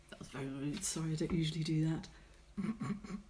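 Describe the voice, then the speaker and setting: A woman's voice: low-pitched, fairly quick, dark tone, slight background noise. Woman, middle-aged, watercolour artist, casual painting chat, bantering, reads viewer comments. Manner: chatty and teasing, bantering with viewers. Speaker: watercolour artist hosting a live painting session.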